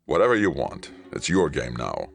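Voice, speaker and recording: A man's voice: extremely low pitch, wildly swooping pitch, moderate pace, gravelly, fairly bright tone, breathy edge, no room sound, soft background music, heavily acted. A man voicing a snappish male bureaucrat who talks tightly and snarls.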